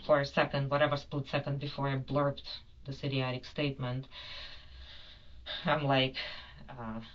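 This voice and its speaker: A woman's voice: a bass voice, little pitch movement, moderate pace, lo-fi sound. A woman giving a rambling, apologetic account in a police interview, full of fillers. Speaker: detained airline passenger.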